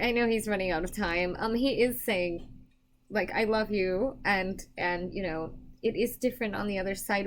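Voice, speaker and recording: A young adult woman giving psychic readings on a live stream, chatting casually with viewers, emotional and quick to laugh. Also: mid-range voice. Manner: emotional, chatty, laughs often, self-deprecating.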